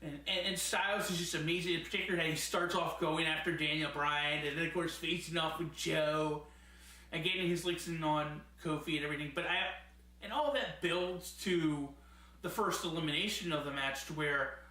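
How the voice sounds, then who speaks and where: A man's voice: fairly high pitch, steady tone, moderate pace, sharp tone. A man giving a casual, enthusiastic spoken review as a host, rambling at times and laughing often. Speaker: wrestling show reviewer. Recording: very echoey room.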